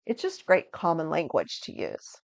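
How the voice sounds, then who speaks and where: A woman presenting a video lesson on understanding emotions, with an energetic, inviting teaching tone. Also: low voice, normal speed, no echo. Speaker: resilience educator.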